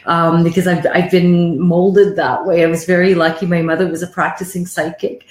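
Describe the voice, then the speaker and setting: A woman's voice: lowish voice, level tone, moderate pace. A woman, a psychic medium chatting effusively as a guest on a live video-call interview. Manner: chatty, effusive, greets viewers warmly. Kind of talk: casual live-stream interview. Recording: echoey room.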